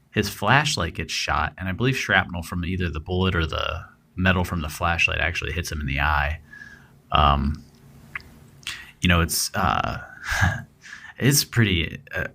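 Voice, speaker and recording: Deep-voiced man narrating a true crime podcast. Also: measured pace, gravelly, sharp tone. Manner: reads case details, then reacts with fillers and laughs. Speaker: podcast co-host.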